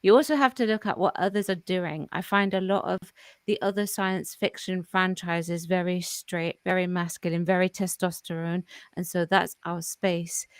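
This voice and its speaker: A woman's voice: lowish voice, steady tone, normal speed, smooth, no room sound. A woman co-hosting a podcast, reading a passage aloud in a careful, hesitant way. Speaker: podcast co-host.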